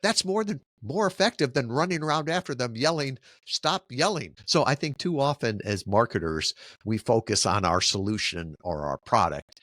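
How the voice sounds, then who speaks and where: Animated man giving interview answers. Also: mid-range voice, moderate pace, no echo, studio quality. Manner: animated storyteller who keeps asking "right?". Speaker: podcast guest, marketing company founder.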